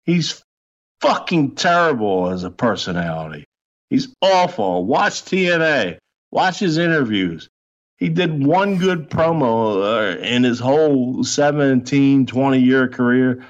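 A man's voice: mid-range voice, lively intonation, a little slow, lo-fi sound. A man ranting in a heated, profane, mocking way during a podcast chat. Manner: foul-mouthed, heated, mocking.

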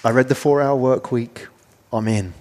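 A man's voice: mid-range voice, steady tone, darkish tone. A man in his forties from the United Kingdom, hosting a conversational interview and asking curious questions. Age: 40s. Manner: curious, asks rapid questions. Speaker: podcast host.

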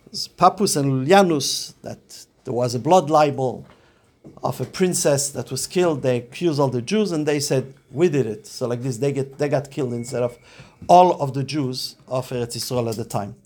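A man's voice: mid-range voice, moderate pace, a little mellow. A man giving a Torah class on Talmud, speaking earnestly and mixing Hebrew and Yiddish terms into his English, rising to urgent emphasis as he exhorts. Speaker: rabbi teaching Talmud.

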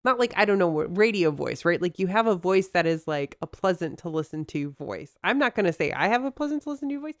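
A woman's voice: on the low side, animated, quick pace, few pauses, dry recording, clean studio sound. A woman co-hosting a podcast in casual chat, bubbly and rambling, laughing often as she talks. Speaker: podcast co-host.

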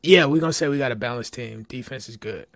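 A man co-hosting a casual sports talk show, playful and quick to laugh, putting questions to his co-host. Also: medium pitch, dry recording. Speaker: podcast co-host.

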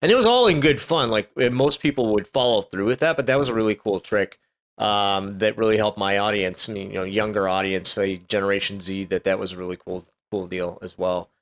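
A man's voice: on the low side, brisk. A man hosting a casual podcast about training. He speaks in a chatty way, full of asides and filler words. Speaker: podcast host.

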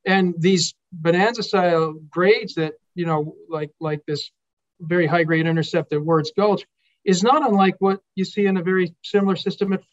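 A man's voice: high voice, steady tone, moderate pace. A man who is a company executive, talking up a project's potential in an upbeat, confident, promotional way. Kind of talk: promotional interview talk. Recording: dull lo-fi audio.

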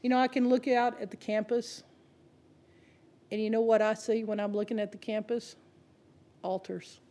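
A woman's voice: mid-range voice, warm tone. A woman preaching a sermon, talking straight to the congregation in a conversational, humorous storytelling way. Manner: conversational, addresses the congregation directly.

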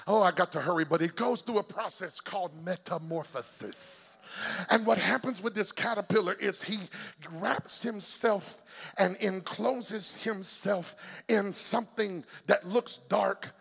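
High, gravelly-voiced male preacher. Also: big-room sound. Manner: rhythmic preaching that builds to shouting. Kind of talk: sermon. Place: church.

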